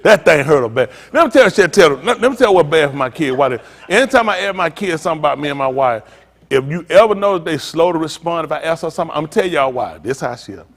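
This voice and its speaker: A man's voice: fairly high pitch, very animated, fast, long reverb tail. An older man, a pastor, teasing a group and telling funny stories in a loose, joking way. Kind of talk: comedic storytelling to a group.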